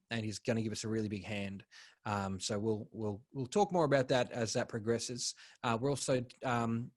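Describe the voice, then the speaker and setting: A man's voice: medium pitch, dry recording. A young man co-hosting a podcast in casual chat, rambling and laid-back, swearing freely. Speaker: podcast co-host.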